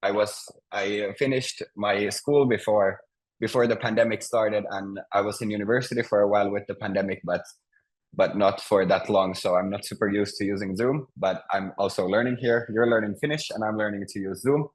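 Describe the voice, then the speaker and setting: A man's voice: fairly low pitch, steady tone, brisk, low-quality recording. A man teaching Finnish pronunciation in an online class, patient and hesitant, with many fillers and restarts. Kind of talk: online language lesson over Zoom. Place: home, video call. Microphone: video call mic.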